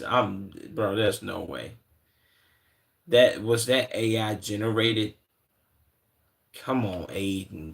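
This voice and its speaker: Gravelly young man chatting on stream. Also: on the low side. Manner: loose slangy talk, greets chat viewers. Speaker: streamer reacting to videos. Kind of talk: casual live-stream reaction chat.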